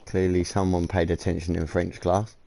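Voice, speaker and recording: A man's voice: low-pitched, level tone, moderate pace, gravelly, mellow, a little hiss or hum. A man chatting casually with friends while playing a game, joking and teasing as he builds. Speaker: gaming channel host. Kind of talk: casual gaming chat with friends.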